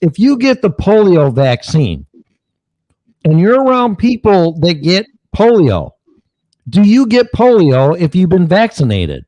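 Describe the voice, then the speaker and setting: Blunt mocking man, lively and dry. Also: sits high, unhurried, dry recording, low-quality recording. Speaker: co-host. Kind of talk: angry political rant.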